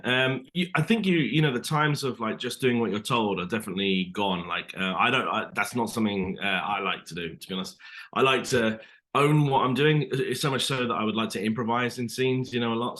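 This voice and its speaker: In a casual interview chat, a British actor guest talks loosely and hesitantly, full of fillers and restarts. His voice sits fairly low, comes across a bit bright, and moves at a brisk clip.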